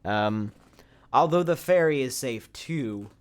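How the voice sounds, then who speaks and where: A man's voice: mid-range voice, expressive, takes it slowly. A man casually commentating a game stream, reading the on-screen text aloud and joking at his own expense. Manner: self-deprecating, reads game text aloud. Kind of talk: casual let's-play commentary.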